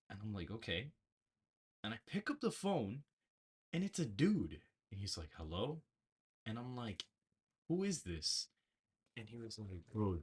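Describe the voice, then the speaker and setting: A man with a husky, medium-pitched voice hosts a political livestream in his bedroom, casually rambling through a story and frequently starting over.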